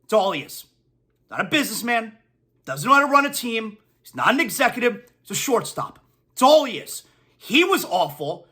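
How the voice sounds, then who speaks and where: A man's voice: very high voice, sing-song, moderate pace, sharp tone, breathy edge. A man hosting a sports talk show, ranting emphatically and repeating his punchlines for effect. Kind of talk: opinionated sports talk monologue.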